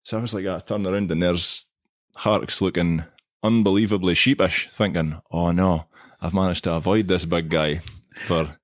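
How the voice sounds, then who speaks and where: A man's voice: low voice, steady tone, normal speed, no room sound, clean studio sound. A Scottish man co-hosting a podcast, telling a long self-mocking anecdote in casual chat. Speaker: podcast co-host.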